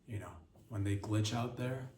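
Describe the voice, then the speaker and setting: A man hosting a comedy podcast, rambling through crude, deadpan absurd stories in a casual monologue. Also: lowish voice, normal speed. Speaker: podcast host. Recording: roomy sound, distant from the mic, faint background hiss.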